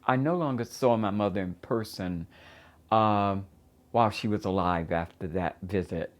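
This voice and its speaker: An older woman from Florida telling her own life story in a reflective, halting way, pausing often with fillers. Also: a bass voice. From United States (Florida). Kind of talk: first-person documentary storytelling.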